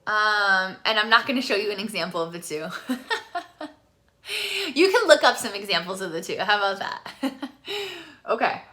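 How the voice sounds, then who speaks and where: A woman singing teacher giving a casual live vocal lesson, chatty and quick to laugh, with allergies. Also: medium pitch, animated, bright, forceful tone. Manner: chatty, laughs often, switches between speaking and singing. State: allergies, sneezing.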